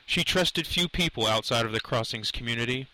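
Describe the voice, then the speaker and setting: A man narrating a dark novel aloud, in a measured, dramatic storytelling manner. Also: mid-range voice, lively intonation, poor audio. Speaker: audiobook narrator. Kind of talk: scripted narration.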